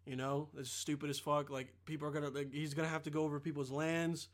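A man imitating a blunt, fed-up guy he met at a motel, muttering low and quickly. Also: little pitch movement, lightly acted. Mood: grumbling.

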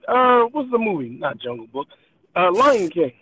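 A man's voice: sits high, sing-song, normal speed, pushed and bright, slightly rough. A man co-hosting a podcast, telling a rambling story in casual chat and laughing often. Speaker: podcast co-host. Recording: tinny phone-like line.

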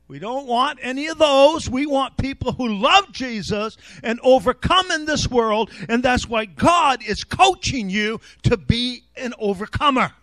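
A male pastor preaching an animated sermon that rises to shouts. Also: very high voice, no echo.

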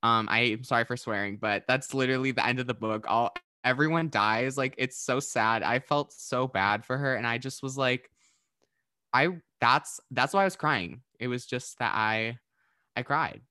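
A man's voice: medium pitch, moderate pace, bright, forceful tone, smooth, no room sound, studio quality. A young man in a casual book club chat, candid and repetitive. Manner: candid, repeats himself.

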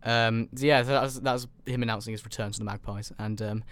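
A man's voice: on the low side, steady tone, a little fast, fairly bright tone, clean tone, no echo. A young man co-hosting a casual football podcast in a studio, rambling and sarcastic with lots of ums. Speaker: podcast co-host.

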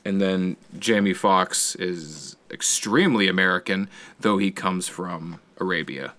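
Man, lowish voice, loose profane storyteller, casual chat. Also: a little slow. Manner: rambling, profane, animated storytelling with sound effects.

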